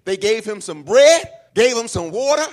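A pastor preaching a sermon, shifting from quiet talk to shouted, sing-song peaks. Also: male voice, sits high, expressive, normal speed.

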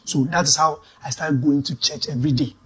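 Husky high-voiced preacher. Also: male voice, steady tone, brisk. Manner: dramatic, swings from shouts to hushed asides. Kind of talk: sermon testimony.

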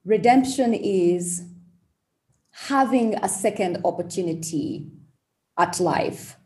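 Heartfelt young woman, mellow voice. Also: medium pitch, animated, slow. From Uganda. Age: young adult. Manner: earnest, heartfelt, openly emotional. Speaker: tech entrepreneur guest. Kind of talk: podcast interview.

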